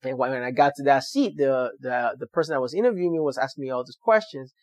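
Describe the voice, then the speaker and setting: A man's voice: mid-range voice, fast, no echo. A young man earnestly telling a personal story to viewers, with motivational emphasis. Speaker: doctor sharing his story.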